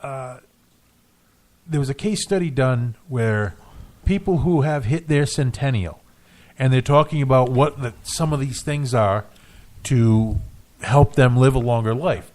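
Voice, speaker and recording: A man co-hosting a casual radio show in a studio, talking in halting restarts with dry jokes. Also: medium pitch, darkish tone. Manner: hesitant, restarts often, dry joking.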